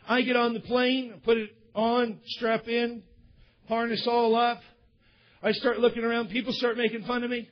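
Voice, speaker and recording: A man's voice: very high-pitched, level tone, moderate pace. A male pastor preaching a sermon, telling stories with candid, conversational asides to his congregation, on a dull lo-fi recording. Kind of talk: sermon with storytelling. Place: church service.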